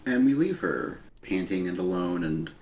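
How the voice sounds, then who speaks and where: A man co-hosting a casual comic book chat, giving measured, dry commentary. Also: low voice, lively intonation, darkish tone, slight background noise. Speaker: comic book podcast co-host. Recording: roomy echo.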